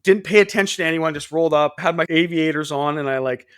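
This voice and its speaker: A man in his thirties, a podcast guest telling stories casually and animatedly, jumping into high voices for quoted people. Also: fast talker, a bit bright, clean tone, no room sound, clean studio sound. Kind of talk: casual storytelling.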